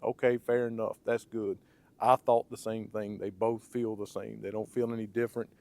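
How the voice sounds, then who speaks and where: A man with a raspy, hoarse voice from blocked sinuses gives a casual hands-on product review. He talks conversationally and ends his points with "okay?" and "right?". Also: on the low side, flat delivery, normal speed, a little mellow. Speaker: firearms reviewer.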